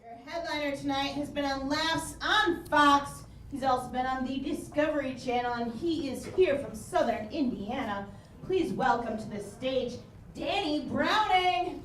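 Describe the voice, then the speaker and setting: A woman's voice: sits high, a little slow, fairly bright tone, slight background noise. A woman emcee introducing a comedian on stage, building it up like an announcer. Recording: echoey club heard from afar.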